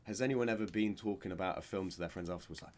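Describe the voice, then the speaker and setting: A man's voice: sits low, very fast, a little hiss or hum. A man co-hosting a casual podcast, telling a story and acting out the people in it. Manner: animated storyteller acting out scenes with voices. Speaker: podcast co-host, cinema worker. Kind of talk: casual chat.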